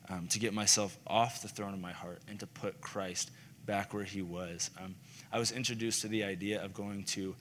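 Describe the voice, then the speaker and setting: A man's voice: on the low side, fairly bright tone. A young man giving an earnest, casual and heartfelt personal testimony sermon. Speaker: speaker sharing his testimony. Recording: reverberant hall with faint noise.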